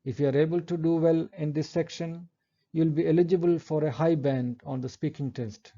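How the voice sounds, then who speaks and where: A man giving a recorded English lecture, explaining step by step in a measured way and reading example sentences aloud. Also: fairly high pitch, fairly even intonation, dark tone, lo-fi sound.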